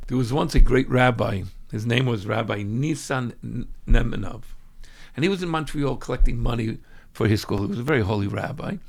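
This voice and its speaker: A man from Brooklyn, a rabbi giving an expressive Torah lesson that breaks into loud mock shouting. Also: medium pitch, moderate pace, creaky. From Brooklyn, New York. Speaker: rabbi teaching a weekly class.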